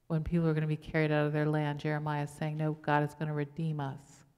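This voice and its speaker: A woman's voice: low voice, completely flat delivery, fast, a little mellow, clear, resonant tone. A woman pastor, preaching a conversational sermon full of rhetorical questions. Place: church sanctuary. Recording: long church reverb.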